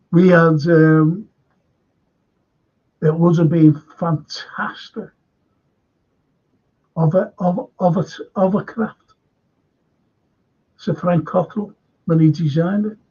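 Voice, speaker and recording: A man's voice: on the high side, creaky, a little mellow, slightly rough. An older man with a Liverpool accent hosting a live current-affairs stream, rambling chattily and greeting viewers from the chat. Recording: dull lo-fi stream audio.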